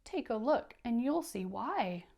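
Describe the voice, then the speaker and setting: A woman's voice: a little high, sing-song, unhurried, creaky, warm tone, exaggerated voice. A woman reading as a glum, sulky fish. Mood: mopey. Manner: sing-song rhyming read-aloud.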